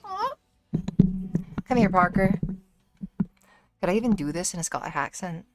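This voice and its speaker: Woman, livestreamer, casual chat, low pitch, blunt, profane, self-deprecating. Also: huge pitch swings, normal speed, faint music behind. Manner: blunt and profane, with many fillers; self-deprecating when trying accents. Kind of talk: casual live-stream chat.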